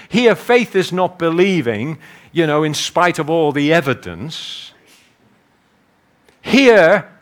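A man with a Liverpool accent preaching a sermon, acting out the people in his stories and building to emphatic peaks. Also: fairly high pitch. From northern England. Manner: animated, acts out voices, rises to emphatic peaks.

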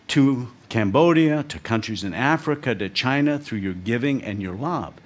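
A man preaching a sermon as a visiting missionary, telling stories with emphasis. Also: mid-range voice. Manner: storytelling, emphatic.

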